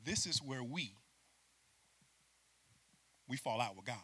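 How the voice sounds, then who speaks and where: A man preaching a sermon, moving between hushed asides and loud emphatic peaks and asking the congregation to repeat words after him. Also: mid-range voice, animated, takes it slowly, husky.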